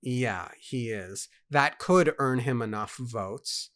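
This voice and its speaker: A man on a casual book club show, reading passages aloud and breaking off to react. He talks emphatically and stammers when he gets worked up. His voice sits at a middling pitch. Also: slow, fairly bright tone.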